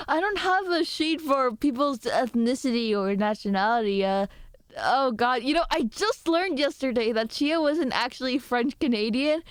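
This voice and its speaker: A woman's voice: high voice, smooth, no echo, studio quality. A young woman streamer chatting casually with her viewers, rambling, giggly and self-deprecating.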